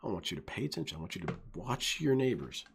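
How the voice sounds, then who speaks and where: Shady ninja racketeer, male, low and coaxing, put on by a man mid-commentary. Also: sing-song, fast talker, creaky, slight background noise, exaggerated voice.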